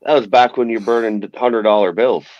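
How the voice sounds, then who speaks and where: A man's voice: mid-range voice, fairly even intonation, fairly quick, dry recording, lo-fi sound. A man who is a guest in a casual chat, answering in short, dry remarks.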